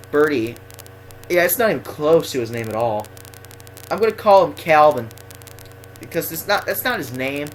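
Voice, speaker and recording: A man's voice: a little high, sharp tone, slight background noise, rough recording. A young man telling rambling, self-deprecating stories casually while playing a game. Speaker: gaming vlogger. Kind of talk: casual storytelling over gameplay.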